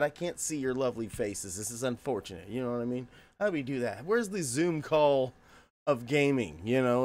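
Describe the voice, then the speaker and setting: A man streaming games live, joking around and greeting his chat by name in a goofy way. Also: medium pitch. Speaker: game streamer chatting with viewers.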